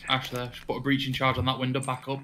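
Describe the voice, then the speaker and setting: Male gamer, playful and quick with tactics; noisy voice-chat recording. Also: medium pitch, monotone, bright, forceful tone. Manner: laughing, teasing, quick strategy talk. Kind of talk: casual chat while playing.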